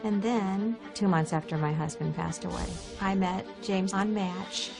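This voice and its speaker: A woman's voice: medium pitch, fairly even intonation, a little slow, vocal fry, music in the background. A woman, a talk show guest, telling her own story in a plain, matter-of-fact way. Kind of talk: recorded personal account.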